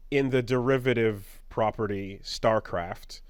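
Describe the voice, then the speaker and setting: Low-voiced curious podcast co-host man. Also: a little slow, no echo, studio quality. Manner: curious, asks questions. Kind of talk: casual chat.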